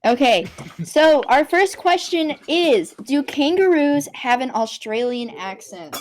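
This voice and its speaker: A woman's voice: sits high, sing-song, slow pace, a little hiss or hum. A teenage girl co-hosting a podcast in upbeat casual chat, reading out questions. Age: teens. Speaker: podcast co-host.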